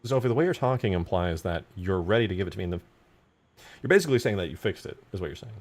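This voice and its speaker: A young man hosting a casual livestream, hyper and jokey, often bursting into loud shouts. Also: sits low, expressive, very fast. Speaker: livestream host and game modder.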